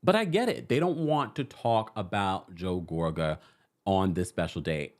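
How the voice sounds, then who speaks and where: Animated man recapping reality TV. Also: low voice, measured pace. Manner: animated, acts out quotes, reads viewer comments. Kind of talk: casual chat to viewers.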